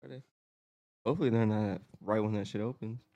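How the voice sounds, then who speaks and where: A young man in relaxed casual chat, halting and filling with "like". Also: lowish voice, vocal fry, no room sound, muffled recording. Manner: relaxed, halting, many likes.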